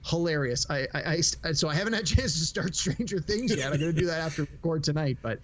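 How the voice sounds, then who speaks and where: A middle-aged man co-hosts a casual podcast with a voice sitting a little high for a man. He tells stories with energy and slips into quick impressions of the people he quotes. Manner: animated storyteller, acts out quotes. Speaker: podcast co-host. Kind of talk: casual chat.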